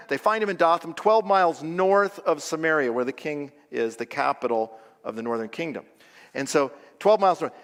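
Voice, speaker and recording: High-voiced preaching man in a reverberant hall. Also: normal speed. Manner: animated storytelling preacher, acting out scenes. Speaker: pastor. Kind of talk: sermon. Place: church auditorium.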